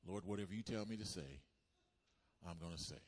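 Low-voiced pastor preaching. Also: male voice, expressive, a little fast. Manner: call-and-response preaching, rising to loud bursts. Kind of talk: sermon.

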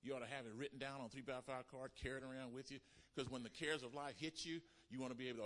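A male pastor preaching a sermon with call-and-response, swinging between loud emphatic lines and hushed, quiet ones. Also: mid-range voice, fairly even intonation, very fast. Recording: reverberant hall.

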